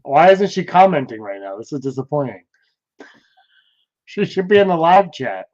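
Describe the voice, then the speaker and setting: A man's voice: on the high side, sing-song, moderate pace, a little mellow. A man co-hosting a podcast in casual, rambling chat, laughing a lot. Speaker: podcast co-host. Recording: dull lo-fi sound.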